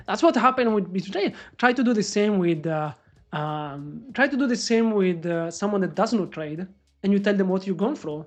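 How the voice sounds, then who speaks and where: An excitable woman trader streams live commentary on her trades to viewers. Her voice sits in a middle register, and she swears freely and chats loosely. Faint music plays in the background. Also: medium pitch, normal speed.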